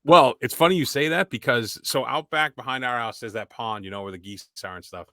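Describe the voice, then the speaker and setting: New man in his thirties, bright, forceful tone, dry close sound, rambling anecdotal co-host. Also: medium pitch, a little fast, no echo. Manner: rambling anecdotal storyteller, relaxed. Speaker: podcast co-host. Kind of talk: casual chat.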